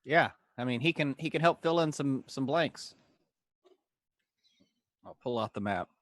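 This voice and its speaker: A man playing a tabletop game, bantering in a lively way. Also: mid-range voice, a little slow, no room sound. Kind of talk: casual game table chat.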